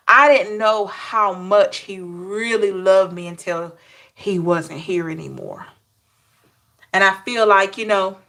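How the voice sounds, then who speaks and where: A woman talking slowly and tenderly, her feelings close to the surface. She lingers over each thought, pausing for quiet hums as she reflects. Her pitch sits in an ordinary middle range. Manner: slow, emotional and heartfelt, with soft hums. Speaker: tarot reader. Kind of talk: personal reflective talk.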